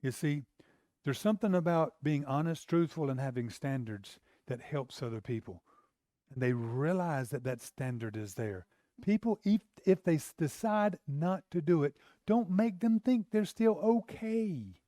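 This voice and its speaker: Guy preaching a sermon, kinda high voice, dry close sound, goes loud then real quiet and pleading. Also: animated, measured pace, no echo. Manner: preaching with big swings from loud to hushed and pleading. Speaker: pastor.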